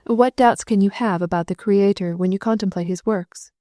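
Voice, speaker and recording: A woman voicing a kindly, weary little old priest who speaks rapidly without pause, in an audiobook. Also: mid-range voice, warm tone, no echo, clean studio sound, lightly acted. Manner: rapid, habitual, unbroken delivery.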